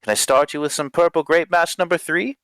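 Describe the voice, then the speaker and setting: A man's voice: on the high side, fairly even intonation, brisk, a bit bright, smooth, no echo, pitched above the performer's own voice. A man voicing a weary middle-aged woman innkeeper who makes dry, patient remarks.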